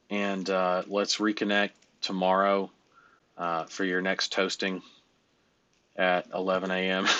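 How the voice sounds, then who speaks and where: Male business coach, low voice, blunt and joking, dry close recording. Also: a bit bright, no echo, dull audio. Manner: blunt, joking, swears casually. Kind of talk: casual coaching call.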